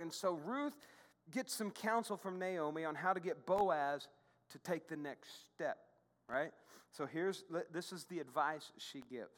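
A male pastor preaching a sermon in a lively, conversational way, with frequent asides to the congregation. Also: on the high side, a little slow, long reverb tail. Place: church sanctuary.

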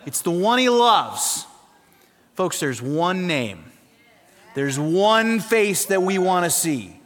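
A man preaching a sermon as pastor, animated and emphatic, often throwing rhetorical questions at the congregation. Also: high voice, slow pace. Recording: long reverb of a large hall.

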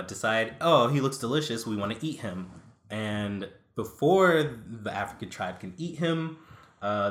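A man's voice: fairly low pitch, a bit bright, echoey room. A man co-hosting a casual chat about old cartoons, rambling with many fillers and restarts. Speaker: podcast co-host.

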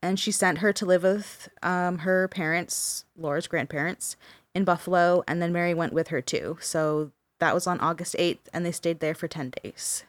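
A woman's voice: fairly low pitch, steady tone, normal speed, dry recording. Casual woman telling a spooky story. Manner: casual, swears, many fillers like "like" and "um". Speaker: podcast co-host telling a paranormal story.

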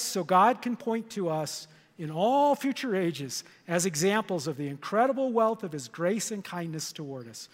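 An older man, a grandfather, preaching a sermon in a church auditorium, animated and leading the congregation in repeated phrases. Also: high voice, long reverb tail. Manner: animated, storytelling with congregation call-and-response. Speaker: pastor.

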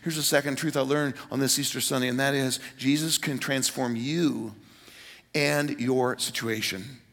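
A pastor preaching an Easter sermon to a large congregation, retelling the story with animated voices. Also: male voice, moderate pace. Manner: animated storytelling, voices quotes with rising pitch. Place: large church hall. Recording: reverberant church hall.

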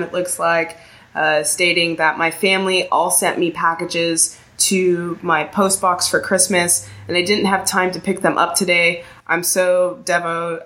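An American woman co-hosting a podcast in casual, chatty talk with lots of fillers. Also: fairly low pitch. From United States. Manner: chatty, animated, many fillers and laughs. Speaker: podcast co-host. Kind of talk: casual chat.

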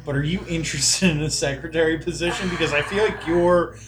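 A player voicing an excitable, blunt male lawyer character in a tabletop game, in a near-normal voice. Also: mid-range voice, a little fast, reverberant, over music, lightly acted. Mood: wry. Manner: excitable, exclamatory.

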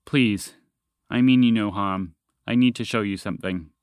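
Man voicing a grave old blue dragon, slow and measured, dry sound, storybook. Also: lowish voice, clear, resonant tone, no echo, lightly acted. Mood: solemn.

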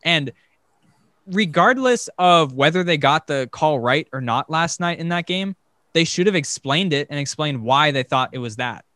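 A man co-hosting a sports podcast, ranting emphatically in a slightly higher voice. He is recorded in a dry, dead-sounding room with no echo. His delivery is forceful and opinionated. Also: expressive, moderate pace. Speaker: podcast co-host. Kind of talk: casual sports podcast chat.

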